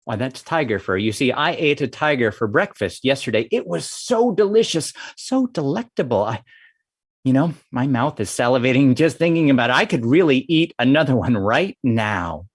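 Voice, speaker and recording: Man voicing small trickster frog, sly bragging tone, lively pitch for a folktale. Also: moderate pace, slightly rough, dry recording, studio quality. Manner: sly and boastful. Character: small clever male frog, boastful trickster.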